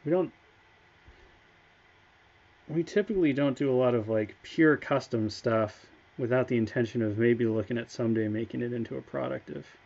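Man, mid-pitched, enthusiastic casual livestream host, slightly muffled sound. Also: a little mellow. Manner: enthusiastic, chatty storytelling. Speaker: game studio staff member.

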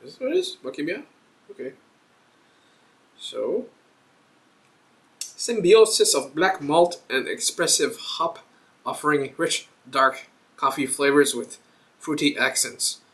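A man's voice: a little high, animated, takes it slowly, long pauses, fairly bright tone. A man hosting a casual beer review vlog, thinking aloud and rambling as he reads the label.

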